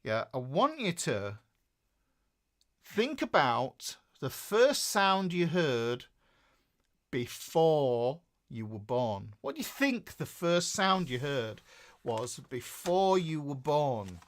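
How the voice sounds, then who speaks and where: Brief: Northern English male guitar tutor, middle-aged, animated rising-and-falling delivery, fairly high voice, keeps checking in with viewers. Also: slow. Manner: chatty, self-correcting, checks in with listeners. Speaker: guitar teacher. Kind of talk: live-streamed guitar lesson.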